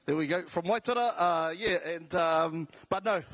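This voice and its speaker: A man's voice: on the high side, normal speed, fairly bright tone, no room sound. A man with a South Auckland accent talking on stage as a comedian, jokey and self-deprecating. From New Zealand. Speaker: comedian and radio host. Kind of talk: stand-up style talk. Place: large indoor venue.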